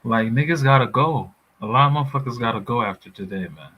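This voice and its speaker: A man's voice: medium pitch, quick pace, slightly rough, muffled recording. A man in a casual football chat, blunt and heated, swearing freely. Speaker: football pundit.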